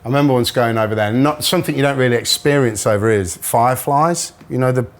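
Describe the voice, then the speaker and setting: A man's voice: medium pitch, fast talker. A middle-aged man, a musician guest telling stories in casual chat and laughing often. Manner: chatty storyteller, laughs often.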